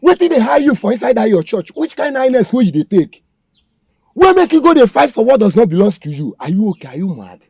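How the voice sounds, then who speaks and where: Nasty kidnapper, nigerian pidgin accent, barks orders and sneers, highish husky voice jumping all over. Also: male voice, big pitch swings, quick pace, no room sound, heavily acted. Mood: mocking. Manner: threatening, taunting, shouting orders. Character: menacing male kidnapper, coarse and mocking. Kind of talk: Nollywood film acting.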